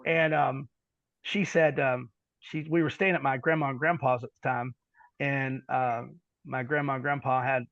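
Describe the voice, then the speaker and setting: A middle-aged man telling a long personal story on a podcast, halting and repeating words, then dropping into quiet asides. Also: mid-range voice, dry recording, dull audio. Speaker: podcast guest. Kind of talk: storytelling in conversation.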